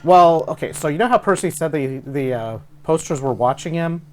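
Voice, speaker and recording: A man playing a tabletop role-playing game, speaking in a halting way with many pauses. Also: fairly high pitch, expressive. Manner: hesitant, halting with many uhs. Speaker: player. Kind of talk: tabletop role-play, in character. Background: background music.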